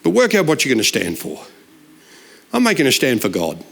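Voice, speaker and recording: A man's voice: medium pitch, a little fast, creaky. A man, preaching a humorous sermon full of stories and punchlines. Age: 60s. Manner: jokey, animated, shouts punchlines. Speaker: guest preacher.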